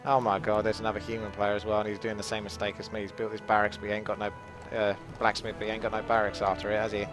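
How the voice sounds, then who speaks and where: A man's voice: fairly low pitch, completely flat delivery, quick pace. A British man commenting on his game in a casual, cheeky and rambling stream chat, swearing freely. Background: game music.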